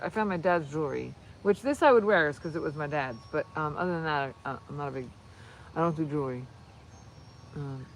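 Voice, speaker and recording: Woman rambling on a phone livestream, gets all excited, keeps cutting herself off, bit of faint noise behind. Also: fairly low pitch, rough recording. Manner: rambling, excitable, self-interrupting. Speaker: channel host. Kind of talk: casual livestream chat while crafting.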